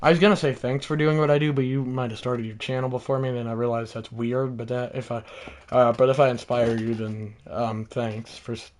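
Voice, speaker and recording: A man doing play-by-play for a baseball video game, chatting and correcting himself between plays and shouting on big hits. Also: medium pitch, flat delivery, brisk. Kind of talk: play-by-play commentary with rambling asides.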